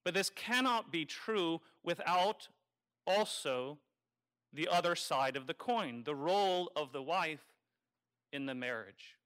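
Male priest, homily delivery, wry and conversational, bright and slightly high voice. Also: expressive, takes it slowly, smooth. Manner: conversational and wry, teasing the congregation. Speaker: Catholic priest. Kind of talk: sermon.

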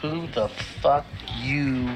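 An actor speaking lines in a film, played as a clip with music underneath. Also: male voice, medium pitch, slow. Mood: terse. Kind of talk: film dialogue clips.

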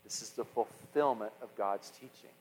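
A middle-aged man preaching a sermon as pastor, animated, with repeated words and restarts, swinging from loud passages to hushed ones. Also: fairly low pitch, normal speed, long reverb tail, a little hiss or hum, poor audio.

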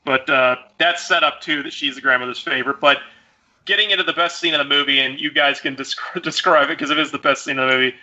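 A man's voice: on the high side, steady tone, quick pace, pushed and bright. A man co-hosting a casual movie discussion, retelling the plot scene by scene and acting out the characters' lines. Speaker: podcast co-host. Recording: dull lo-fi sound.

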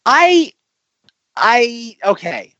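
A man's voice: very high voice, wildly swooping pitch, very slow, pushed and bright, no room sound. A man co-hosting a podcast in casual chat, rambling with lots of restarts. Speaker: podcast co-host. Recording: slightly dull, lo-fi recording.

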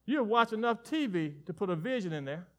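High, bright-voiced preacher. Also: male voice, fairly quick. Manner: animated preaching with sudden drops to soft asides; folksy, joking with the congregation. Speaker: pastor. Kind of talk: sermon.

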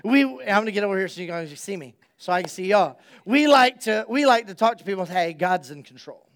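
A male pastor giving an energetic, conversational sermon and speaking straight to his congregation. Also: sits high, fast talker.

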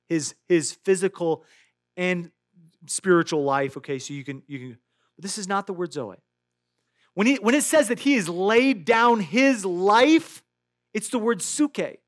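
A man with a high voice preaches to his congregation. He moves from loud, emphatic lines to near-hushed asides, and often repeats a word as he builds toward a point. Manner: energetic preaching with big swings from loud to hushed. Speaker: pastor. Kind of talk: sermon.

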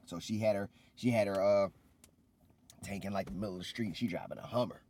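A man co-hosting a casual podcast, recapping wrestling in a loose, animated way and acting out quotes. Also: fairly low pitch, fairly quick, slight background noise. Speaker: podcast co-host.

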